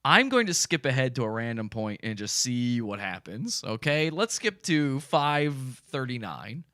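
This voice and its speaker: Sarcastic podcast host with bright voice. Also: male voice, medium pitch, big pitch swings, a little slow, no echo, studio quality. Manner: sarcastic, laughing, describes video for listeners. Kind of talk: mocking commentary.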